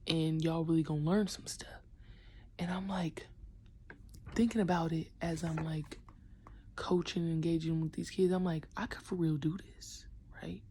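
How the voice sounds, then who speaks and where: This low-pitched female voice moves at a normal speed, with a little hiss or hum in the background. She's a young basketball coach vlogging casually, full of slang and often half-whispering. She's animated and acts out the voices of kids.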